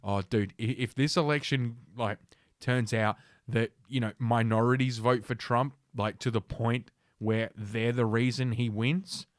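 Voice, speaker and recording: A man in a podcast host's chair, reading news aloud and breaking off into sardonic, profane comments, tripping over words as he goes. His voice sits at an ordinary pitch and sounds close and dry, with no echo. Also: fairly even intonation, a little slow. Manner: sardonic, profane, reads articles with stumbles. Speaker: podcast host.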